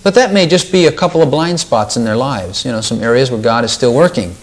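A man's voice: mid-range voice, lively intonation, brisk. A man leading an informal Bible study, talking things through casually, repeating words and lifting his voice when he quotes scripture.

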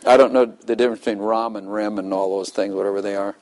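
An older pastor preaches a loose, conversational sermon, asking the congregation questions and chuckling between points. His voice is lowish, a little mellow and steady, and he talks fast, in a rough recording.

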